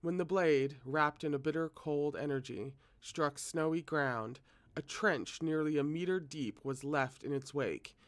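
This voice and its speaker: A man reading a novel aloud at a steady pace, now and then correcting himself. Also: on the high side, unhurried. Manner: steady, occasional self-corrections. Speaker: reader.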